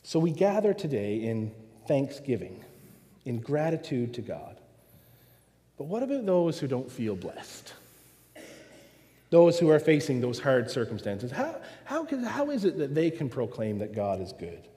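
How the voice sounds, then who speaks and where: A man's voice: medium pitch, big pitch swings, measured pace, warm tone. A man preaching a sermon, earnest and full of rhetorical questions, in a church. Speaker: pastor. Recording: long hall reverb.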